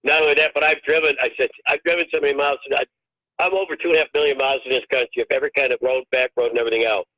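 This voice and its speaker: A man's voice: medium pitch, fairly even intonation, very fast, pushed and bright. An older man, a touring comedian, telling profane road stories on a phone call. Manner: profane, ranting storyteller. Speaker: guest comedian. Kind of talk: casual storytelling. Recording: tinny phone line.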